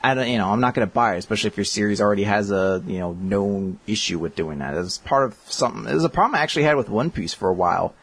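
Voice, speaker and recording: A man hosting a casual podcast chat, excitable and rambling, laughing often as he reads listener questions. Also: lowish voice, racing, few pauses, husky.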